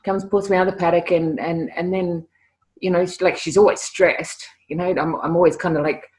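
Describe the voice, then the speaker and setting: A middle-aged woman, a guest telling stories in a casual interview, lively and often repeating words as she starts a sentence. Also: lowish voice, fairly quick. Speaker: interview guest, animal communicator.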